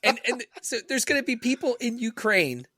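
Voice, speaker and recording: A man's voice: very high-pitched, sing-song, normal speed, sharp tone, no room sound. A man co-hosting a casual podcast, bantering with profanity and frequent laughter. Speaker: podcast co-host. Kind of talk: casual chat.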